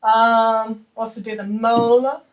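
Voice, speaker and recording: This young woman studies percussion and walks through snare exercises in a practice room, chatty, self-deprecating, and full of fillers. She speaks slowly in a highish voice with little pitch movement. The audio is dull, captured from a distance over loud music and drumming.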